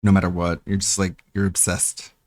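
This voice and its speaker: A man's voice: sits low, completely flat delivery, normal speed, a little mellow, no room sound. A man streaming live, reacting to videos with mocking, scornful commentary and laughter.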